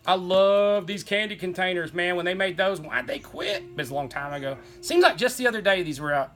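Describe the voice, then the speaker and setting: A man's voice: high-pitched, fairly quick, fairly bright tone. A middle-aged man, rambling enthusiastically as he shows off his toy collection. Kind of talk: casual show-and-tell chat.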